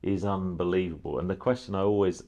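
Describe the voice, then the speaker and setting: Male stage interviewer, very low voice, enthusiastic, halting phrasing. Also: dark tone. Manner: eager, hesitant questioner with restarts. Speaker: interviewer, TV presenter. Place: museum lecture theatre.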